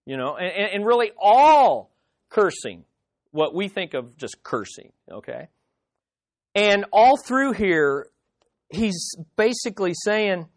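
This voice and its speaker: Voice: mid-range voice, sing-song, measured pace. A Bible teacher leads a study group in an emphatic, hands-on way. The teacher keeps turning to the listeners with direct questions and repeats words to drive a point home.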